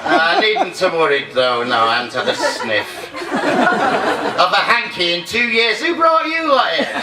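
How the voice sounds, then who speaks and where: A man's voice: fairly high pitch, background noise. A man doing a live stand-up comedy monologue at a reunion, rambling, losing his place and bantering with the crowd. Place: hall at a treatment centre reunion, live audience. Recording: echoey room, distant mic, loud crowd ambience.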